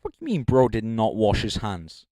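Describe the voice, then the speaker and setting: A man's voice: lowish voice, wildly swooping pitch, normal speed, warm tone, no room sound. A young man giving casual, rambling live-stream commentary as a judge, joking between thoughts and speaking into a handheld mic. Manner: rambling, joking, filler-heavy. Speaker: livestream judge.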